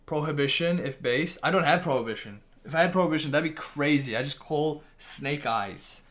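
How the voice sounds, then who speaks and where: A man's voice: fairly high pitch, normal speed, a bit bright. Casual swearing male streamer. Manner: swears casually, restarts a lot, reads chat aloud. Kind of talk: casual live-stream chat.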